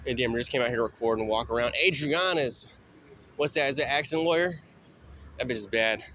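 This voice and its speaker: A man's voice: medium pitch, brisk, sharp tone. A man vlogging as he walks a city street at night, rambling and swearing in a stream of thought. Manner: rambling, profane, stream of consciousness. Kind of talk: rambling night walk vlog. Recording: faint street noise and passing cars.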